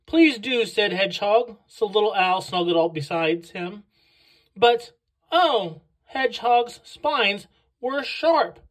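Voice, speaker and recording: A woman reading a picture book aloud to children, slow and expressive on the sound words. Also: mid-range voice, rough recording. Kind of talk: read-aloud storytelling for children.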